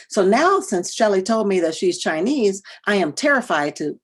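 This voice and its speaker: A middle-aged woman from the United States giving an educational workshop talk, moving between hushed earnest asides and loud emphatic bursts and repeating phrases for emphasis. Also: mid-range voice, very animated, moderate pace, slightly rough. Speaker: workshop presenter.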